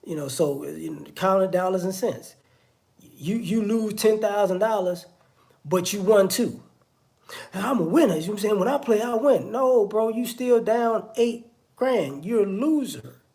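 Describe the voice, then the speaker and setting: A man's voice: high-pitched, measured pace, a little mellow. A man giving a casual spoken monologue, conversational and repetitive. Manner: conversational, repeats "you know what I'm saying". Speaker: online commentator.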